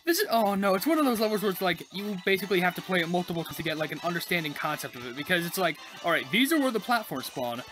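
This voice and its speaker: A gaming YouTuber giving casual let's-play commentary, talking to themself and the viewers with quick, frustrated outbursts. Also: medium pitch, very animated, music in the background. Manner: chatty, talks to self while playing, quick frustrated exclamations.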